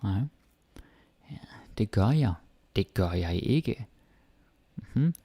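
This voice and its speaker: A man from Denmark with a Danish accent, teaching Danish grammar in a casual lesson and repeating example phrases slowly. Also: on the low side, expressive, mellow, no room sound. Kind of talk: casual online language lesson.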